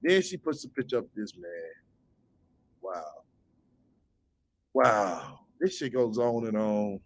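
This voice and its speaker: A man's voice: medium pitch, big pitch swings, a little slow, pauses often. A man hosting a commentary channel, reading a post aloud and reacting with profane, mocking, incredulous rants. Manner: breaks into laughter at times.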